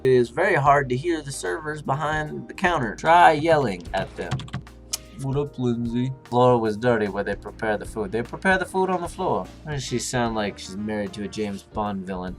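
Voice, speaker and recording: A man's voice: mid-range voice, expressive, moderate pace, faint music behind. A man reading customer reviews aloud and mocking them with sarcastic comedy, sliding into silly voices.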